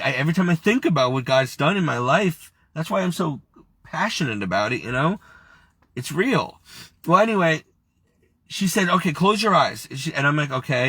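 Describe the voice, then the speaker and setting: A man's voice: fairly high pitch, sing-song, brisk, a bit bright, breathy edge, no room sound. A man telling an emotional personal testimony, near tears and earnest, quoting others as he goes. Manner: earnest, tearful, quotes others in his own voice. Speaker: storyteller.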